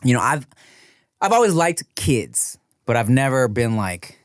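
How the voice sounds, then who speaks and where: A man chatting on a podcast, his pitch jumping around as he tells stories and acts out what people said. He swears freely and talks in a loose, casual way. The sound is dry and close. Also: measured pace, clear, resonant tone, no room sound. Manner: animated storytelling, swears a lot, acts out quotes. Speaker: podcast co-host. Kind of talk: casual chat.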